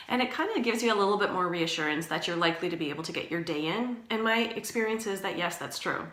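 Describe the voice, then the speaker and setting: A woman's voice: fairly low pitch, fast talker, hardly any pauses, bright, forceful tone, roomy sound. A woman who works as a doula, giving casual, reassuring advice and often checking in with her listener. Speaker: doula and doula trainer.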